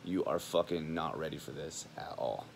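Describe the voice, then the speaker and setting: A man's voice: extremely low pitch, moderate pace, vocal fry, a little hiss or hum. A man in his twenties, a college student, talking straight to camera in a heated, rambling, profane monologue. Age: 20s.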